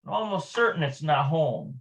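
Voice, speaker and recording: A man's voice: fairly high pitch, animated, normal speed. A man teaching an informal Hebrew lesson, thinking aloud as he explains each point. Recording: dull lo-fi recording.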